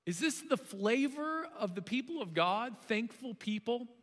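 High, bright-voiced male preacher. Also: a little slow, big-room sound. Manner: conversational, animated preaching with sudden loud bursts. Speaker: pastor. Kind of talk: sermon.

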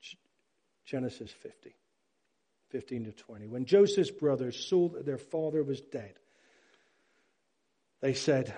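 A man's voice: mid-range voice, unhurried, long pauses. A man preaching a sermon, acting out Bible characters and asking his listeners questions. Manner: animated, acts out Bible characters; asks the congregation questions. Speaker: pastor.

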